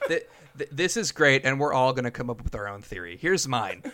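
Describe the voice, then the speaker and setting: A man co-hosting a podcast, talking in a casual comedic way with halting restarts and frequent laughs. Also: mid-range voice, very animated, a crowd in the background. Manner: rambling, laughs mid-sentence, halting restarts. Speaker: podcast co-host.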